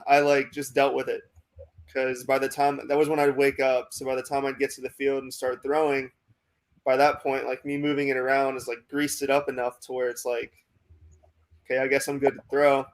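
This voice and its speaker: A young man with an American accent, a minor league pitcher telling a long story in a casual interview, full of "like" and "um". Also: flat delivery, fairly quick. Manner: rambling, many fillers like "like" and "um".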